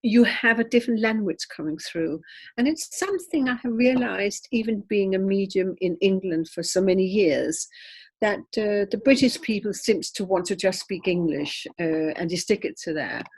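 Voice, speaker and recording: A middle-aged woman, a medium, telling lively anecdotes in a casual interview and laughing often. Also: medium pitch, normal speed, husky. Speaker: medium, guest.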